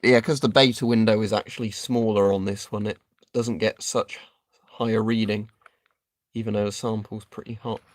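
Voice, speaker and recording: A man's voice: lowish voice, little pitch movement, normal speed, no echo, studio quality. A man doing a casual live stream, chatting and thinking aloud while he tests equipment.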